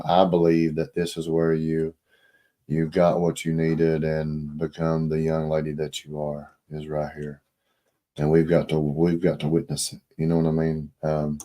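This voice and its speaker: A man with an extremely deep voice hosts a casual live interview. His speech is flat and halting, with frequent restarts. He encourages his guest as he goes. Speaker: host of a recovery house live stream.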